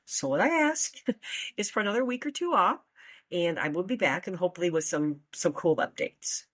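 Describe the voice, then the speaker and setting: A woman with a low-pitched voice hosts her own podcast in a loose, chatty monologue. She talks folksily to her listeners with frequent ums and uhs. The sound is dry and close, with no room around it. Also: expressive, normal speed, fairly bright tone, no echo. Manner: chatty, folksy, with many fillers. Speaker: podcast host.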